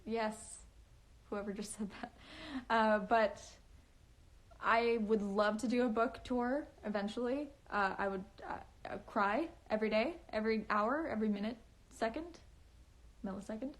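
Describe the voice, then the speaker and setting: A woman's voice: a little high, measured pace. A young woman chatting casually on a phone live stream, giggling often and speaking in a valley-girl lilt full of fillers. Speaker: livestreaming author.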